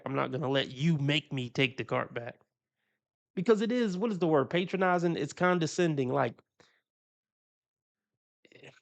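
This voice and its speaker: Laid-back profane man with a gravelly voice. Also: fairly high pitch. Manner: loose, profane, laughs often, talks through his opinions. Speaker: streamer reacting to videos. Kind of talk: casual reaction commentary.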